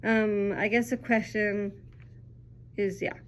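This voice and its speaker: A woman's voice: mid-range voice, flat delivery, slow pace. A young woman teacher chatting casually through a children's book review, upbeat and full of ums.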